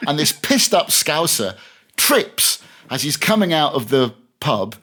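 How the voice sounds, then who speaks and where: In a relaxed podcast interview, this longtime male radio host shares anecdotes in a slightly high, somewhat bright voice. His telling is chatty and full of restarts, with laughter running through the stories.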